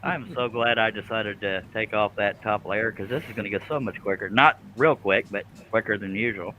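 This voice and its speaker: Folksy joking man with bright voice. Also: lowish voice, moderate pace, dull audio, slight background noise. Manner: joking, folksy, laughs often. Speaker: live-stream host, scroll saw artist. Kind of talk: casual chat while working.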